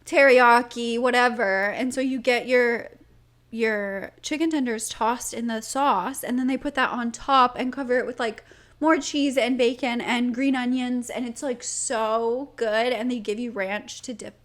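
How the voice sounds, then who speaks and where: A young woman in her twenties co-hosting a podcast, telling a story in a casual, animated, giggly way with lots of "like". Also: fairly high pitch, a little slow. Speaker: podcast co-host.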